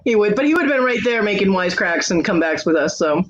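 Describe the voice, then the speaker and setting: A man's voice: high-pitched, animated, a crowd in the background. A man co-hosting a casual live stream chat, cracking jokes and teasing his co-hosts. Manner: wisecracking, quick with jokes. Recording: dull lo-fi stream audio.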